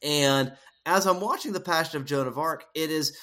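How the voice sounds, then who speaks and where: With a slightly high, bright voice and a forceful tone, a man co-hosts a casual film podcast at a moderate pace. He lays out ideas at length and thoughtfully, often using fillers.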